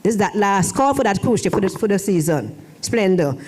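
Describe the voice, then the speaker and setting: A woman's voice: mid-range voice, lively intonation, fairly quick, a little mellow, slightly rough. Lady, middle-aged, addressing students and teachers, wanders and repeats herself a lot. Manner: rambling, repeats and restarts phrases. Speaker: guest speaker, former foreign language officer. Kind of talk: ceremony speech. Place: church hall.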